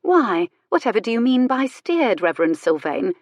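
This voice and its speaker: A woman's voice: on the high side, sing-song, moderate pace, dry recording, lo-fi sound, voice pushed up. A woman voicing a witty, flirtatious disgraced countess who speaks with tart, sweet irony. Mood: arch. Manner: arch, sweetly ironic, tart.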